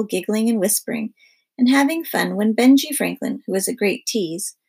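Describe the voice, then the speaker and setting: A woman reads a children's storybook aloud, narrating with expression. Her voice sits a little high and carries a strong gravelly fry with a husky, breathy edge. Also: darkish tone. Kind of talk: reading a children's book aloud.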